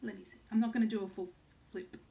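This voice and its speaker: A woman's voice: mid-range voice, steady tone, fast talker, creaky, warm tone. A woman in her thirties from Australia chatting casually to camera as a cross-stitch vlogger, full of "um"s and second-guessing herself. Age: 30s.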